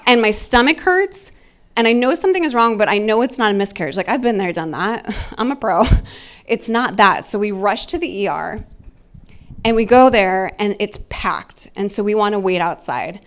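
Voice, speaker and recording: A woman's voice: mid-range voice, expressive, normal speed. A woman in her forties doing storytelling stand-up from a club stage, her voice sitting in a middle register. She talks candidly and mocks herself, laughing her way through a personal story. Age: 40s. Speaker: stand-up comedian.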